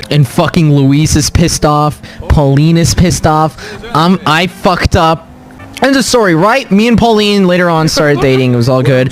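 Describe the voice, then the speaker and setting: A man streaming to his chat, telling a story in a dramatic, profane, animated way. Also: on the high side, normal speed, soft background music. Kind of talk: casual storytelling to a live chat.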